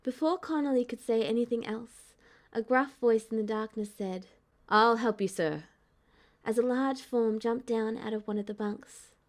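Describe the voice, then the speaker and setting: A woman narrating a fan-fiction audiobook in a calm, even storytelling manner. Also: on the high side, moderate pace.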